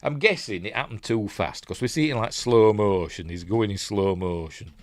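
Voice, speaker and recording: A man's voice: fairly low pitch, moderate pace, no echo, studio quality. A man with a Yorkshire accent, hosting a casual film breakdown and reading out live chat in a chatty, rambling way that often loses its place. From Yorkshire, England. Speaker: host, film reviewer.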